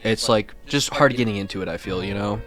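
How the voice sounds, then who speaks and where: A man's voice: fairly low pitch, brisk, a bit bright, soft background music. A young man co-hosting a casual podcast, hedging and using lots of fillers. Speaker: podcast co-host. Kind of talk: casual chat.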